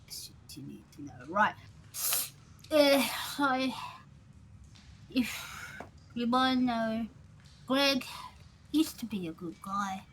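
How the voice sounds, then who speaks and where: A woman's voice: fairly high pitch, expressive, slow pace, pauses often, fairly bright tone, slight background noise, voice pushed up, low-quality recording. A woman doing a rambling drunk tavern regular. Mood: chummy. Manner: rambling, gossipy, folksy. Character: chatty drunk tavern man, loyal to his boss.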